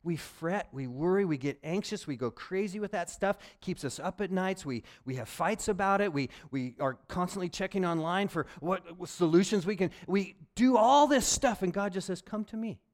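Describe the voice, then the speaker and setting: A man preaching a sermon as a pastor, passionate and swinging between loud urgency and quiet intimacy. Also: high voice, lively intonation, normal speed, few pauses.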